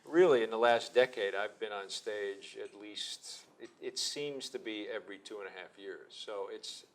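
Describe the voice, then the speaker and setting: A man with a low voice answers interview questions about his acting work. He speaks in a low-key, reflective, self-deprecating way, without much show. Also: moderate pace. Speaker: actor guest. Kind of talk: casual interview talk.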